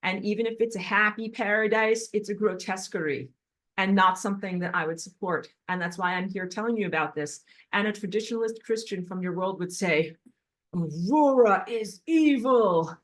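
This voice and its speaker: A woman's voice: medium pitch, fairly even intonation, fairly quick, fairly bright tone. Emphatic, agitated woman lecturing on spirituality. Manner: walking on a treadmill while talking. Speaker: spiritual teacher.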